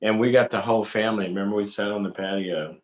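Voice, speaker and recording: A middle-aged man with a low voice hosts a relaxed talk show conversation. He rambles, restarts his sentences and asks probing questions as he chats with his daughter. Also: fast talker, rough recording. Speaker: talk show host, psychologist. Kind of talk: casual family conversation.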